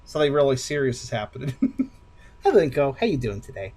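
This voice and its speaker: A man's voice: medium pitch, wildly swooping pitch, fast, a little mellow. A man with an Oregonian accent, chatting and joking while he plays a game, laughing often and thinking aloud. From Oregon, United States. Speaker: let's play host. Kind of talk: casual gaming commentary.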